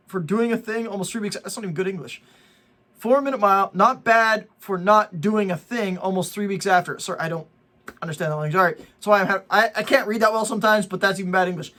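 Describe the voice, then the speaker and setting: A man's voice: high-pitched, brisk, pushed and bright. A middle-aged man hosting a vlog, ranting with indignation about people lying for likes and preaching with jokey asides. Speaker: vlog host. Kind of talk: ranting social media commentary.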